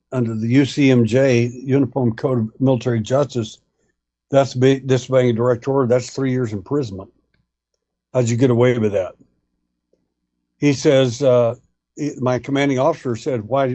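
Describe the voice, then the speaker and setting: A man's voice: medium pitch, mellow, dull audio. A man telling a long story in a folksy way, acting out the people he quotes. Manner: folksy, acts out dialogue in retelling. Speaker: guest, alien abduction researcher. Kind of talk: storytelling anecdote.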